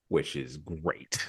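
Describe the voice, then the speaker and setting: Male podcast host: very low, husky, casual and digressive. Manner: digressive, chatty, many asides.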